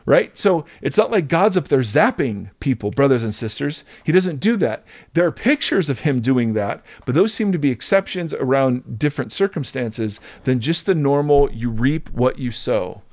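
A middle-aged man and pastor talking through faith in an earnest, animated conversational way, often restarting his sentences. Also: mid-range voice, normal speed, few pauses, dry recording.

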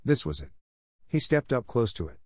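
A man giving a steady, measured storybook narration. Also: medium pitch, no room sound, studio quality. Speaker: audiobook narrator.

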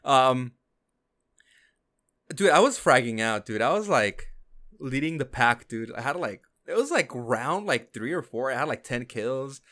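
A man's voice: medium pitch, expressive, measured pace, fairly bright tone. A man co-hosting a gaming podcast, telling a story in casual chat with lots of fillers. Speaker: podcast co-host.

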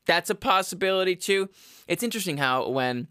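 A man's voice: high-pitched, lively intonation, brisk, a bit bright, clear, resonant tone, dry recording, clean studio sound. A young man hosting a casual solo podcast, rambling and profane, drifting into side notes and laughing at himself. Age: young adult. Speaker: podcast host.

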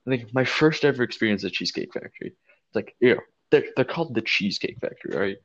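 A man co-hosting a podcast, telling a long story in a casual, animated and profane way. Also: mid-range voice, fast talker, lo-fi sound. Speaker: podcast co-host.

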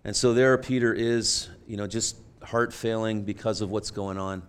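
A man preaching a sermon, retelling a story earnestly and moving between hushed, quiet passages and emphatic ones. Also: lowish voice, steady tone, normal speed, smooth. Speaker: pastor.

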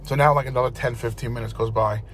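Man, casual co-host, rambling swearing storyteller, mid-pitched voice, faint noise underneath. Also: quick pace. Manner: rambling, profane, animated storyteller.

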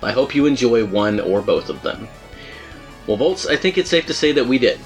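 Man, podcast host, casual rambling chat, lots of fillers, laughs often, average pitch, soft music under. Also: very animated, moderate pace, vocal fry.

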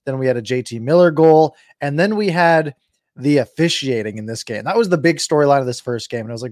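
A man's voice: mid-range voice, fast talker, a little mellow, dry recording. A man co-hosting a sports podcast, talking through recent games in a loose, rambling way with a dry, sarcastic edge. His voice sits in a middle register and is recorded close in a dead, dry space with no room sound. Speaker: podcast co-host. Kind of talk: casual sports chat.

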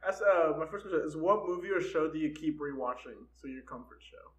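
High-voiced man asking questions. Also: brisk, reverberant, distant mic, over a noisy crowd. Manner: hesitant, stumbling phrasing. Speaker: podcast co-host asking questions. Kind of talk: casual chat.

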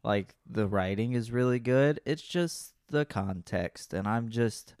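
A man co-hosting a podcast, his voice smooth and resonant, recorded close and dry with no room around it. He talks in a loose, rambling way, drops casual swears and sounds a little sleepy. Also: mid-range voice, unhurried, a little mellow, no echo. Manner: laid-back, rambling, swears freely. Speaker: podcast co-host. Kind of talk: casual chat.

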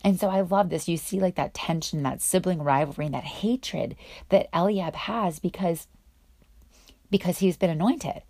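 A woman's voice: lowish voice, normal speed, a little mellow, no echo, studio quality. A woman giving a casual, enthusiastic Bible teaching to other women, full of chatty fillers.

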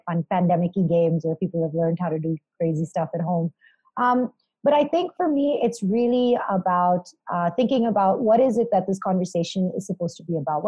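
An upbeat woman chats freely as an interview guest, rolling from one story into the next. Her tone is mellow and soft-edged. The sound is dry and close, with no room around her. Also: fairly low pitch, no echo, rough recording. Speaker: interview guest, entertainment presenter. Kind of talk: casual interview talk.

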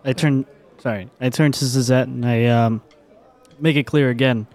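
A man's voice: mid-range voice, steady tone, moderate pace, darkish tone. A man playing a tabletop game, describing his moves plainly. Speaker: player. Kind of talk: casual tabletop game play.

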